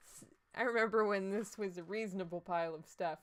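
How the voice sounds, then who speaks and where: A woman's voice: mid-range voice, normal speed, pauses often. A woman hosting a live game stream, chatting casually and jokingly with her viewers about their votes. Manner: chatty, jokey, answers chat votes. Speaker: livestream host. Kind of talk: casual let's-play chat with live viewers.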